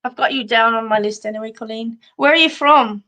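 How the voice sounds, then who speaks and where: A middle-aged Australian woman hosts a live stream, her voice a little high, a little fast, bright and forceful. Chatty and rambling, she tells funny stories and laughs often.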